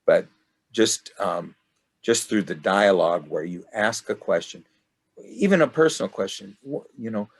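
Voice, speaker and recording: An older man leading a study group discussion, rambling and halting with many restarts. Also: on the low side, lively intonation, husky.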